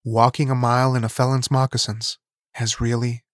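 A man's voice: medium pitch, little pitch movement, normal speed, dry recording, studio quality. Older man reading his own story. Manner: earnest, reflective storytelling. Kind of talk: reading a personal story aloud. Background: background music.

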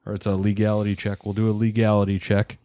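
A man's voice: on the low side, completely flat delivery, fast talker, mellow, dry recording. A young man co-hosting a podcast, running a quiz game with joking, theatrical game-show delivery on a close mic. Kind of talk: casual podcast banter.

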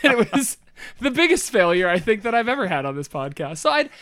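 A man's voice: sits high, very animated, fairly quick, fairly bright tone, clean tone, no room sound, clean studio sound. A man co-hosting a casual comedy podcast, laughing often and teasing his partner. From United States. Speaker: podcast co-host.

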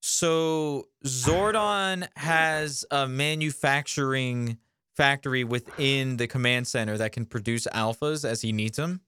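A man co-hosting a podcast chats casually and thinks aloud with lots of fillers. His medium-pitched voice is pushed, bright, and smooth at a measured pace. The sound is clean studio audio with no room sound.

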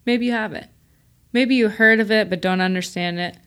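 A woman co-hosting a podcast, chatting casually and explaining quickly with laughs. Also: mid-range voice, fairly bright tone. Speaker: podcast co-host.

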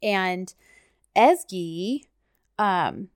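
A woman's voice: medium pitch, expressive, drawn-out words, clear, resonant tone, no room sound, studio quality. A woman co-hosting a casual chat, retelling episode scenes and quoting the characters' lines. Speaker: podcast co-host recapping a TV series.

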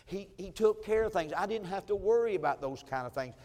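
A man's voice: high-pitched, animated, a little fast, warm tone, long reverb tail. A man, a pastor telling a personal story in a sermon with heartfelt, emotional repetition. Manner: heartfelt, emotional telling with many repeated phrases. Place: church sanctuary.

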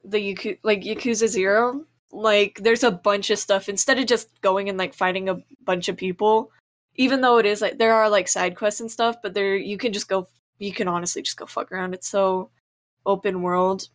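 A woman's voice: medium pitch, fairly even intonation, normal speed. A woman guesting on a podcast, chatting casually, rambling with lots of fillers and casual swearing. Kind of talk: casual chat.

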